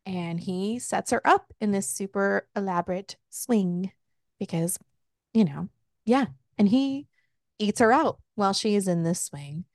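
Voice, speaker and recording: A woman's voice: medium pitch, expressive, measured pace, no echo. Chatty woman recapping a book, dry sound. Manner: candid, laughing, retells scenes with quoted lines. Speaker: podcast host recapping a book. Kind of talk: casual book club chat.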